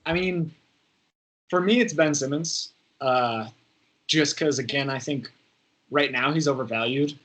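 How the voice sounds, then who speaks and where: A man's voice: mid-range voice, measured pace, long pauses, a bit bright, rough recording. A man co-hosting a podcast in casual sports chat, reasoning things through and hedging his opinions. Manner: hedging, thoughtful, says "I don't know" often. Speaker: podcast co-host.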